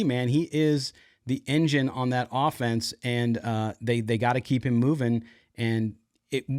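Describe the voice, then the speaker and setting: A man's voice: medium pitch, no echo, clean studio sound. A man hosting a sports podcast in casual talk, full of asides.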